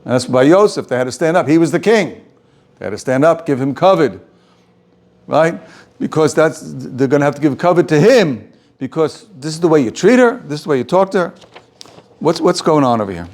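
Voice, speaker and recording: A man teaching an informal Torah class as a rabbi, animated, often repeating words and restarting sentences. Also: a little high, brisk.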